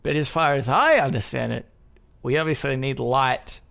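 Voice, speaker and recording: A man's voice: mid-range voice, moderate pace, creaky, fairly bright tone. A man co-hosting a podcast in casual chat, rambling and poking fun at himself as he laughs. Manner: rambling, self-mocking, laughs often. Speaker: podcast co-host.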